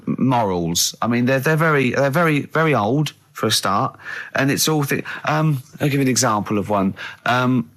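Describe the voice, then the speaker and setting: Halting man explaining on the radio. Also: medium pitch, a bit bright. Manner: halting, full of fillers when explaining. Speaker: radio host. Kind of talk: casual radio banter.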